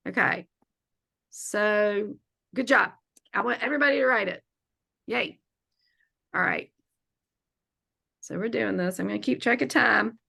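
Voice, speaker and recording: A woman's voice: fairly high pitch, gravelly, bright, forceful tone. A woman teaching a live online feng shui class, upbeat and chatty as she coaxes her students along.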